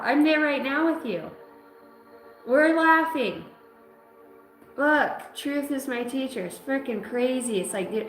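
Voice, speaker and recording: A woman giving a live psychic reading, talking in a halting, dreamy and emotional way, full of filler words. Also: medium pitch. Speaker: psychic reader. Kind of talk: live-stream intuitive reading. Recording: echoey room with music behind. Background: clear background music.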